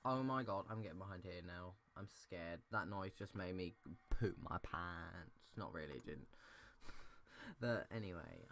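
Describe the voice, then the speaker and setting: Jumpy gamer, lowish voice. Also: male voice, animated, normal speed, fairly bright tone, a little hiss or hum. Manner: jumpy, keeps repeating he is scared, voice jumps high when startled. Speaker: gaming channel host. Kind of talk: horror game commentary. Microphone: desk microphone.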